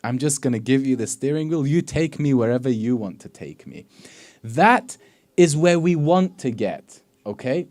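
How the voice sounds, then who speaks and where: A man delivering a sermon in a mid-range voice. He builds his points through stories and acted dialogue, mixing in Arabic quotations. His volume swings from hushed, reflective lines to loud, emphatic ones. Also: medium pitch, lively intonation, normal speed. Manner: storytelling lecture with acted dialogue and Arabic quotes. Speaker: Islamic preacher.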